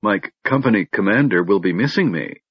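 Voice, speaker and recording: A man's voice: fairly low pitch, lively intonation, brisk, husky, no echo. A man voicing a nervous, cornered male soldier who hesitates and stammers. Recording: dull lo-fi recording.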